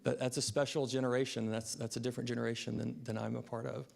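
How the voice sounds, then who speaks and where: Gravelly-voiced man giving a eulogy. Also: mid-range voice, little pitch movement, a little mellow. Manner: unhurried, reflective, with frequent "um" fillers. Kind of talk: funeral eulogy, personal storytelling. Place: funeral service.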